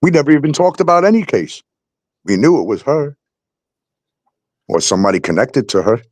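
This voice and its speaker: A man's voice: medium pitch, sing-song, fairly quick, a little mellow, no room sound. A man hosting a talk show, ranting heatedly and swearing constantly about landlords and the police. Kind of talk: angry profane rant.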